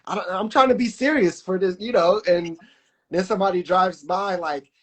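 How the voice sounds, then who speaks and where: A man with a somewhat high voice tells a story in a relaxed chat. He is lively and loose, and he acts out what each person said, leaning on "like" and "man" as he goes. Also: fairly quick, breathy edge. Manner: animated, acts out quotes, many fillers like "like" and "man". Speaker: podcast guest.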